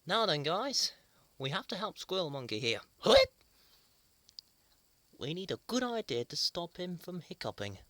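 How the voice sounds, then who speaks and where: A woman voicing a calm, helpful toy leader in a children's toy show, speaking gently and slowly. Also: lowish voice, no echo, full character voice. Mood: concerned. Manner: gentle, thoughtful, slow and reassuring.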